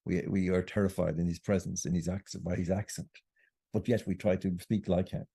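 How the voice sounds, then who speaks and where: A man's voice: low-pitched, flat delivery, fairly quick, vocal fry, warm tone, breathy edge, no room sound, clean studio sound. An older Irish man, a writer talking as a podcast guest, arguing in an impassioned, emphatic way. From Ireland. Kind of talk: conversational podcast interview.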